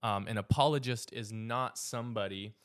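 A man's voice: lowish voice, a bit bright. A man with a Canadian accent leading a church discussion as its teacher, talking informally with frequent fillers and restarts. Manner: halting, with frequent fillers and repeated words.

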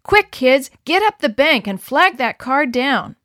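A woman reading aloud, voicing a steady, capable mother who gives urgent orders. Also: on the high side, normal speed, no room sound, clean studio sound, close to an everyday voice.

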